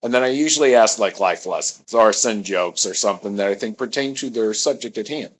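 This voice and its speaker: A man's voice: fairly low pitch, brisk, rough recording. A man telling a meandering personal story, often correcting himself mid-sentence.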